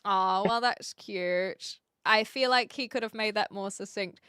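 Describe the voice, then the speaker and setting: Speaking at a measured pace, this young livestream host chats casually with her viewers, jumping around and filling her talk with fillers and restarts. Her medium-pitched voice has a sharp yet smooth tone, captured in a dry, studio-quality recording.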